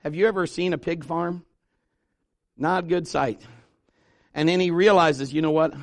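A male pastor in his fifties preaching to his church, swinging from loud exhortation to quiet, intimate asides with humor. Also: a little high, unhurried, gravelly, no echo. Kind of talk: sermon. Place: church sanctuary.

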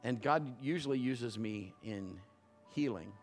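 A male pastor preaching a sermon in a conversational storytelling way, building to loud emphatic bursts. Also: medium pitch, a little slow, faint music behind.

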